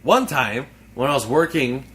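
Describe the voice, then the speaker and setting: A young man co-hosting a casual podcast, telling a story in a halting, rambling way. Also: medium pitch, animated, a bit bright, a little hiss or hum. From United States. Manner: rambling, halting, restarts a lot. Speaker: podcast co-host. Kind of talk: casual chat.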